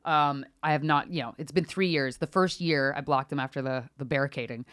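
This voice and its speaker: A woman's voice: sits low, a little fast, fairly bright tone, clear, resonant tone, no room sound, studio quality. A woman guest on a podcast, telling a personal story in a frank, unfiltered way, swearing freely and acting out what people said. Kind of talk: candid conversational storytelling. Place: New York.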